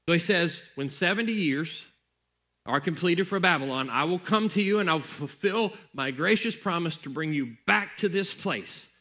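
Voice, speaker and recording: A man's voice: on the high side, moderate pace, bright, forceful tone. A male pastor preaching a sermon in a conversational way, repeating phrases for emphasis.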